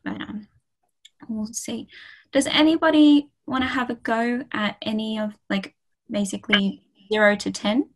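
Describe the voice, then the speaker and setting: A woman's voice: on the high side, steady tone, measured pace, rough recording. A young woman tutoring a beginners' French class online, chatty and encouraging, with frequent fillers. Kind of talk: online language lesson.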